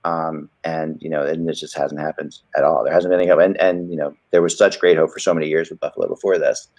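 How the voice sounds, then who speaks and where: A man's voice: rumbling low, level tone, fast talker, darkish tone. A man hosting a casual hockey podcast, talking in rambling, restarting sentences. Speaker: podcast host.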